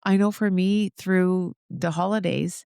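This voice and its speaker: Woman podcast host, solo talk, upbeat and encouraging, slight vocal fry, dry close sound. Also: on the low side, fairly even intonation, a little slow, darkish tone, dry recording. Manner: upbeat, encouraging, talks straight to listeners.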